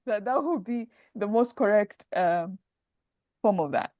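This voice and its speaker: A woman's voice: medium pitch, expressive, measured pace, dry recording. Woman teacher, patient and methodical, dry, muffled call audio. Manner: patient, explains step by step, repeats key points. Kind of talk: online grammar lesson.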